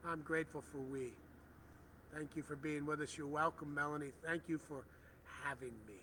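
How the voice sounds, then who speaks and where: A middle-aged man with a bright, forward voice that sits a little high, speaking softly and reverently. He reads viewers' comments and turns them into affirming prayers on a phone livestream from outdoors. A faint hiss of ambience hangs behind him. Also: steady tone, moderate pace. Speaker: spiritual livestream host.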